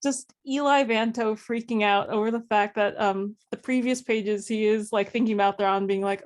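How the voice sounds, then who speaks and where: A woman's voice: a little high, fairly even intonation, normal speed. A woman co-hosting a casual podcast, often laughing through her words and swearing freely as she reads quotes from a book. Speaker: podcast co-host.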